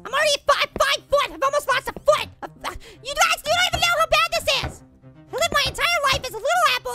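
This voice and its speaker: A man's voice: gravelly, sharp tone, full character voice. A man voicing a tiny, jittery and whiny male apple, chattering frantically and flustered through cartoon game commentary. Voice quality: squeaky, sped-up cartoon voice. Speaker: gaming host. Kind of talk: cartoon let's play commentary.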